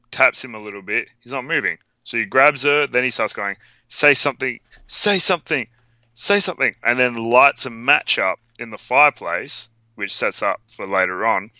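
A man co-hosting a podcast in casual, animated chat, teasing and retelling scenes. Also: dry recording, dull audio. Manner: animated, teasing, jumps into high voices. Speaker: podcast co-host.

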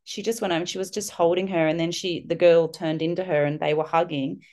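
A middle-aged woman, a guest on a parenting podcast, telling a personal story with lively, animated delivery. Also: fairly low pitch, brisk. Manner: warm, animated storytelling, acting out children's voices.

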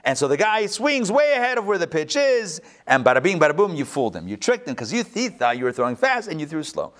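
A rabbi giving a live Torah class, animated, with joking asides and quick self-corrections. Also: male voice, fairly high pitch.

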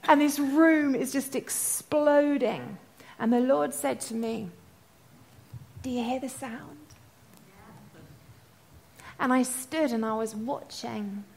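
Woman preacher, high voice, impassioned storytelling sermon, breaks into song. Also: takes it slowly, creaky, long pauses. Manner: passionate storytelling, sings snatches of worship songs; builds to loud, impassioned proclaiming.

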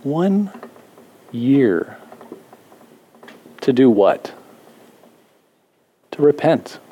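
A man's voice: medium pitch, extremely slow, a little hiss or hum. Casual, joking male pastor. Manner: conversational, self-deprecating humor, animated asides. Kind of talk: sermon.

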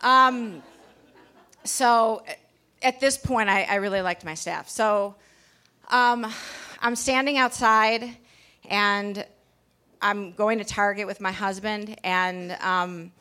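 A woman's voice: mid-range voice, takes it slowly, long pauses, bright, forceful tone. A woman pastry chef telling a candid personal story to a live audience in a packed bar, chatty and full of restarts. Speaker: pastry chef giving a talk.

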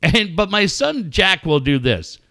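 A middle-aged man with a fairly high, bright voice that swings widely in pitch as he tells stories. He co-hosts a radio show in casual banter. He curses freely and acts out yelling scenes with gusto. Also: unhurried, dry recording, clean studio sound. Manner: excitable storyteller, mimics yelling, swears freely. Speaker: radio co-host.

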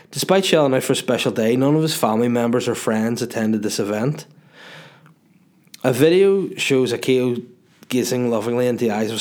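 A man's voice: mid-range voice, darkish tone. Northern irish man, young, casual chat, swearing, joking, reads messages out. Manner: loose and jokey, swearing, reads messages aloud. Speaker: comedian answering viewer questions.

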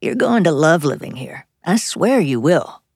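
A woman's voice: low voice, very animated, measured pace, a little mellow, slightly rough, dry recording, studio quality, heavily acted. A woman voicing a hopeful, affectionate husband in an audiobook, speaking earnestly and coaxingly. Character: charming husband, fond and hopeful.

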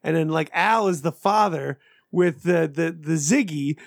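A man in his thirties in casual chat with friends, ranting excitably and swearing a lot. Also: fairly high pitch, a little slow, no room sound, studio quality. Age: 30s.

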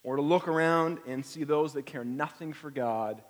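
A man's voice: fairly high pitch, moderate pace. A middle-aged man preaching a conversational sermon, acting out the feelings he quotes. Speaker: pastor. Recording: long hall reverb.

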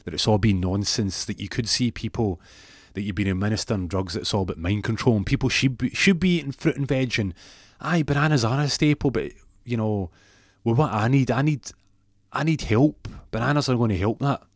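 A man voicing a cocky, bossy male hostage-taker with a high, showy voice. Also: fairly quick, no echo, studio quality, close to an everyday voice.

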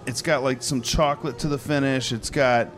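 A man's voice: medium pitch, steady tone, moderate pace, a bit bright. A man co-hosting a casual chat show, talking in an easygoing, enthusiastic way and rambling as he describes things. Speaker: co-host.

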